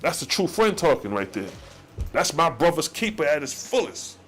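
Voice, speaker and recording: Animated man reading and commenting on scripture. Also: on the high side, soft background music. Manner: alternates slow archaic reading with slangy commentary. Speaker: scripture study host.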